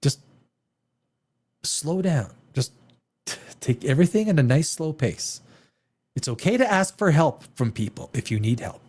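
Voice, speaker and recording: A man's voice: fairly high pitch, unhurried, long pauses, breathy edge. A man hosting a show as a screenwriter, ranting through a review with lots of restarts and swearing. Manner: animated, restarts often, swears, mimics dialogue.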